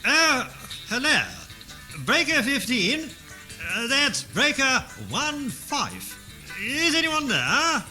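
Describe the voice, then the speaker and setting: An actor playing a well-spoken, upper-class newcomer to CB radio who talks hesitantly and politely. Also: male voice, extremely high pitch, sing-song, takes it slowly, bright, forceful tone, faint music behind, exaggerated voice, low-quality recording. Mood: flustered. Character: well-spoken posh male CB newcomer, fumbling.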